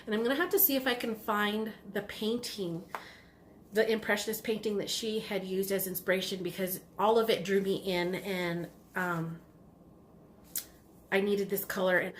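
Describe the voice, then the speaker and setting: A woman hosting a knitting video podcast, chatting casually and excitedly about yarn, rambling with lots of ums and restarts. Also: mid-range voice, moderate pace, a little hiss or hum. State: has the hiccups. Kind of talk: casual chatty show-and-tell.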